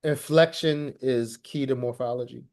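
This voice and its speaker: A man's voice: medium pitch, steady tone, moderate pace, darkish tone. A man teaching a live language class, quizzing the student and often repeating and restarting his phrases.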